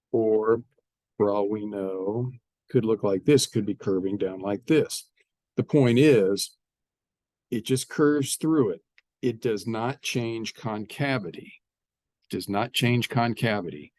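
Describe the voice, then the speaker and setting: A man's voice: lowish voice, darkish tone, no room sound. Guy teaching math, says things twice, dry close sound. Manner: repeats phrases, explains step by step. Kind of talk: classroom math lecture.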